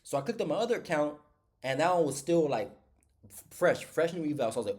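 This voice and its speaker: A man's voice: fairly high pitch, very animated, quick pace, a little mellow. A congested man, casually recapping his day trades for viewers in a slangy, talkative way.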